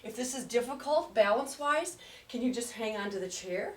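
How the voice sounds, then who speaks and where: A woman's voice: on the high side, expressive, normal speed. A woman fitness trainer leading an exercise class, chatty and upbeat, counting reps aloud and getting out of breath. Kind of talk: live exercise class instruction. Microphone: camera at a distance. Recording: echoey room, voice far from mic.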